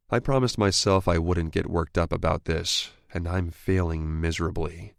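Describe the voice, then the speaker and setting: A man narrating a romance audiobook in the first person with a steady, even reading. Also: sits low, normal speed, creaky, few pauses, dry recording, studio quality.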